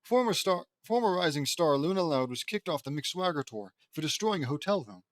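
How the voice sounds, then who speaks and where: A man voicing a brisk TV news reporter with an anchor's cadence in a fan-fiction reading. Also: a little high, sing-song, no room sound. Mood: announcing.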